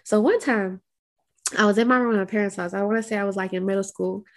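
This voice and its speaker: A woman co-hosting a podcast, telling a personal story in a lively, casual way and acting out quotes. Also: quick pace. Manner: lively, acts out quotes in a high voice. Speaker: podcast co-host.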